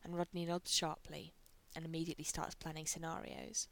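A woman's voice: low voice, little pitch movement, a little fast, vocal fry, fairly bright tone. A woman narrating a story aloud, reading with light character voices. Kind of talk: reading fan fiction aloud.

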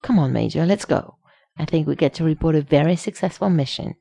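A woman voicing a brash, confident male scientist who talks in a quick, blunt way. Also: fairly high pitch, creaky, mellow, husky, dry recording, clean studio sound. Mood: upbeat.

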